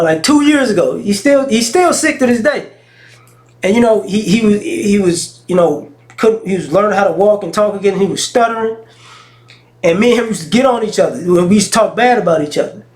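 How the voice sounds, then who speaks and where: A man with a notably high speaking voice talks straight to his audience in a casual vlog. He tells stories in a frank, slangy way, often stopping and restarting mid-thought. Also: normal speed. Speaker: vlogger. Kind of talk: casual talking-head monologue.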